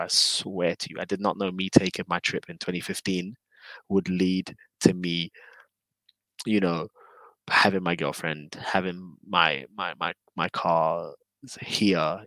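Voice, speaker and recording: A man's voice: deep voice, fairly bright tone, no echo, low-quality recording. A man with a London accent, chatting casually as an interview guest in a laid-back, slangy, rambling way. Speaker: guest, drifter.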